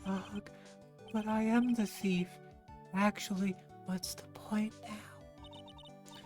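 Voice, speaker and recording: A nervous middle-aged man whines in a thin, strained high voice, as a man puts him on. He sounds defeated and fretful, a game character stuck in self-pity. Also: steady tone, very slow, a little mellow, soft background music. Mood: mopey.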